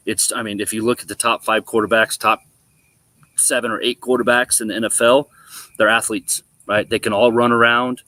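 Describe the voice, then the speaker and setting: Animated man telling a sports story. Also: lowish voice, normal speed, no room sound. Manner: animated storyteller, acts out quotes. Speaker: former college quarterback, guest. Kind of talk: casual storytelling on a sports talk show.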